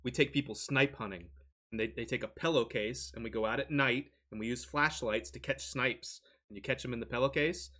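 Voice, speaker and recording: A man's voice: mid-range voice, a little fast, pushed and bright. A man, a podcast host, joking and laughing in casual chat. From southeastern USA. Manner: enthusiastic, joking, laughs often.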